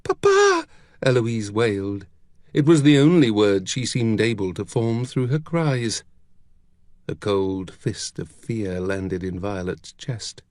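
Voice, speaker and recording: A man narrating an audiobook with expressive, dramatic storytelling. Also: lowish voice, slow, dry recording, studio quality.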